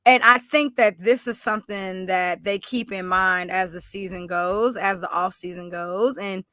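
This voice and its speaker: A woman co-hosting a podcast, chatting about football in a talkative, animated way and correcting herself as she goes. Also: mid-range voice, a little slow, no echo. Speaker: podcast co-host. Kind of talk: casual sports chat.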